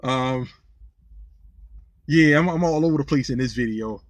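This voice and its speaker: A man's voice: mid-range voice, a little slow, dry recording. A man talking casually to camera, venting and telling stories in a rambling way, often repeating words. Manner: lively, incredulous when telling funny stories. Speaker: vlogger, former rideshare driver.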